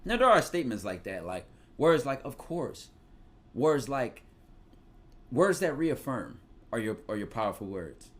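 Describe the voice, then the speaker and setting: A man with a Philadelphia accent talks through advice in a casual, streetwise way. His speech is loose and slangy, with profanity mixed in, and his pitch sits mid-range for a man. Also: sing-song, measured pace. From Philadelphia, USA. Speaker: podcast host giving advice.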